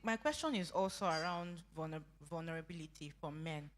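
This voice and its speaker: A woman asking a question at a church youth meeting in a measured way, correcting herself as she goes. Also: sits low, soft background music.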